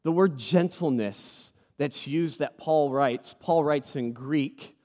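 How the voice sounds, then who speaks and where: Animated man preaching in a reverberant hall. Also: a little high, slow. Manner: animated preaching with call-and-response to the congregation. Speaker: pastor. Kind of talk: sermon.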